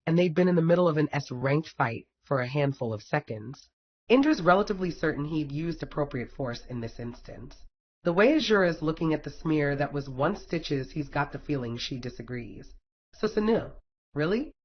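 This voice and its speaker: A man reads a fan fiction story aloud with wry, casual storytelling. His voice sits fairly high. The recording sounds dull and lo-fi. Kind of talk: audiobook narration.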